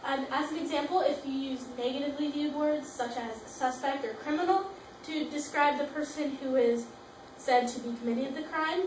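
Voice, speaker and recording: A woman's voice: high voice, moderate pace. A young woman giving a school project presentation, reading from notes and restarting on long words. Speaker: student presenter. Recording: roomy, from a distance, faint hiss.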